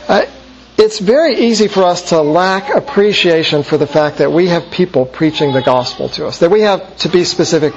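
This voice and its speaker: A man's voice: fairly high pitch, a little hiss or hum. A man giving an explanatory Bible study talk, stopping often to correct himself with small fillers. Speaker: Bible teacher. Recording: dull lo-fi sound with faint ambience.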